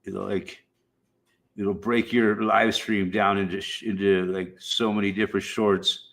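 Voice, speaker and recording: A man's voice: lowish voice, little pitch movement, a little slow, gravelly, fairly bright tone. A man streaming, chatting casually in a rambling, profane way with frequent fillers. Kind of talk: casual chat.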